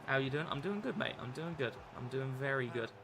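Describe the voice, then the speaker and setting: A man's voice: medium pitch, expressive, brisk, noisy background. A young man chatting casually on a live stream while gaming, rambling with lots of fillers and restarts. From England.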